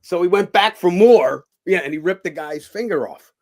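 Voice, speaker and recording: A man talks as a guest in a casual interview, and his voice has a gravelly, rough texture. He tells his stories with energy and acts out other people's lines, swearing freely along the way. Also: high-pitched, expressive, moderate pace. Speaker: guest, former boxer and cut man.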